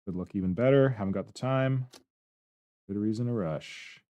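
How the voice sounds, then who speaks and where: Low-voiced man muttering while he sculpts. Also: moderate pace, dark tone, no echo. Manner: mutters short remarks to himself while sculpting. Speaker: miniature terrain sculptor streaming his work. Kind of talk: casual running commentary while working.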